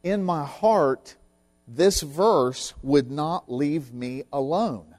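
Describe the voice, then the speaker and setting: Slow, earnest male preacher. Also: fairly high pitch, darkish tone. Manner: earnest, emphatic storytelling with repetition. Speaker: pastor. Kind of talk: sermon.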